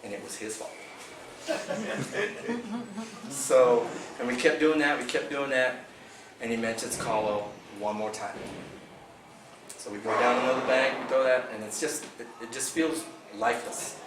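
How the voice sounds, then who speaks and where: A man casually telling a fishing tournament story to a club meeting, animated and laughing as he acts out the dialogue. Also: medium pitch, unhurried, pauses often. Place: meeting room. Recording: echoey room from far off, background noise.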